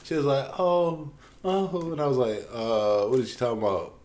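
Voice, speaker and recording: Brief: young male co-host, casual profane rant, average pitch. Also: moderate pace. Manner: profane, ranting, animated impressions of others. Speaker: podcast co-host.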